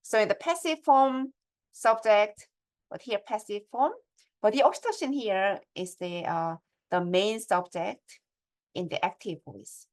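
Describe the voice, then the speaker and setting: A woman's voice: medium pitch, unhurried. Woman lecturing on writing. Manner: explains step by step, asks the audience checking questions.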